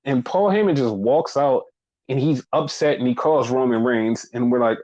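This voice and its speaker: A man casually recapping a wrestling show, talking in an animated, profane way. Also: normal speed, poor audio. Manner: animated, profane, acts out quotes in high voices. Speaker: podcast co-host.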